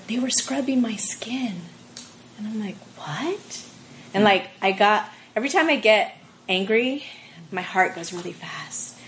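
A young woman telling an emotional personal story in a group discussion, halting and full of fillers. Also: fairly low pitch, a bit bright, a little hiss or hum, poor audio.

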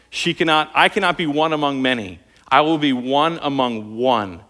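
A man preaches in an earnest sermon voice, pushing harder when he drives a point home. His voice sits at an ordinary middle pitch. A long reverb trails his words, as in a large church sanctuary. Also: fairly bright tone. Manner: earnest preaching, rising in intensity on key points. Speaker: pastor.

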